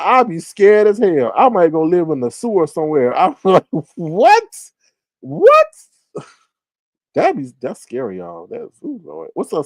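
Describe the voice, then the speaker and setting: Chatty, animated man hosting a livestream. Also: fairly high pitch, gravelly, no echo. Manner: animated, chatty, reads viewer comments aloud. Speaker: livestream host. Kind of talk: casual live-stream commentary.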